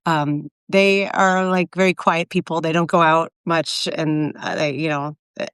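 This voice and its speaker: A woman's voice: low-pitched, fairly even intonation, unhurried, fairly bright tone, clean tone, dry recording, clean studio sound. A woman in her forties in casual, reflective chat, rambling with many fillers and restarts. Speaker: co-host of a live video chat.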